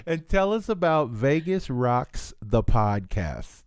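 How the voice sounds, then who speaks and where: A man's voice: medium pitch, sing-song, slow, clean tone, no room sound, studio quality. A man hosting a radio show, chatting in a loose, rambling way with restarts and fillers. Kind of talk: casual interview chat.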